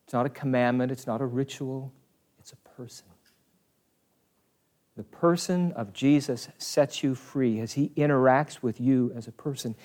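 Earnest male preacher with emphatic pauses. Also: medium pitch, a little mellow. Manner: earnest, emphatic preaching with slowed, drawn-out key phrases; conversational asides to the congregation. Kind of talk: sermon.

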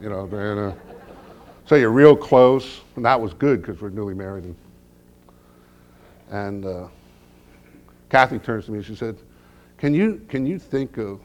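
A middle-aged male pastor preaches a sermon full of humorous stories. His delivery drops to hushed, low lines and then climbs to loud, emphatic peaks.

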